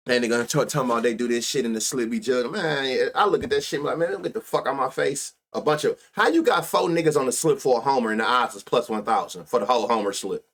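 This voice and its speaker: A man's voice: mid-range voice, fairly bright tone. A man hosting a live sports betting stream, reading stats and riffing loosely with plenty of profanity. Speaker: sports betting show host.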